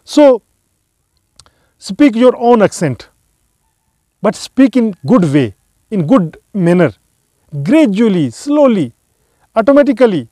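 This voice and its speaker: Slow, high-voiced man teaching English. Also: sing-song, warm tone, no echo. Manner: slow, earnest advice with repeated phrases. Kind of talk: spoken English lesson to viewers.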